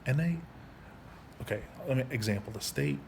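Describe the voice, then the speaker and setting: A man in his thirties telling his own story in a casual monologue, angry and profane, halting with frequent restarts. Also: fairly low pitch, very animated, a little mellow. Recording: faint background noise.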